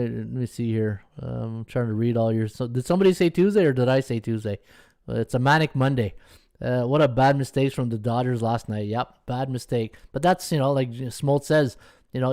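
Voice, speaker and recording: A man's voice: mid-range voice, darkish tone, no room sound. A man hosting a sports betting podcast, chatting casually and greeting viewers by name between picks. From Canada. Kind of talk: casual live-stream chat.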